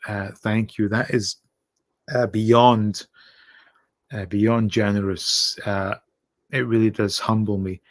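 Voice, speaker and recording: A Scottish man with an accent softened by years abroad, hosting a late-night livestream and reading out viewer comments in a rambling, halting way. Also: mid-range voice. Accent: Scottish, softened by years in North America. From Scotland. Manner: rambling, halting, lots of uh and restarts, thanks viewers. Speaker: livestream host.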